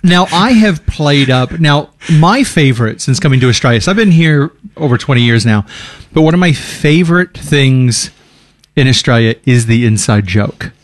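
A middle-aged man chats in a relaxed, jokey way. His pitch sits in the middle, and he drops lower whenever he quotes someone. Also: normal speed, dry recording, studio quality. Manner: lively, jokey, drops low for quoted voices. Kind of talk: casual chat.

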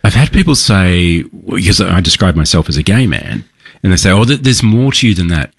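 A man's voice: low voice, very animated, brisk, gravelly, husky. A man hosting a podcast interview, chatty and playful, affirming his guest. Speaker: podcast host.

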